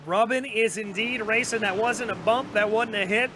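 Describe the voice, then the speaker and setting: A man with a slight Southern US accent giving fast, energetic play-by-play commentary on a sim race. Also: high-pitched, over music.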